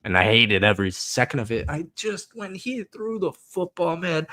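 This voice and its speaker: A man's voice: a little high, big pitch swings, moderate pace, hardly any pauses. Man in a casual, profane football rant. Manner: frustrated, swearing, laughing, rises to shouting at the TV. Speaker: football podcast host.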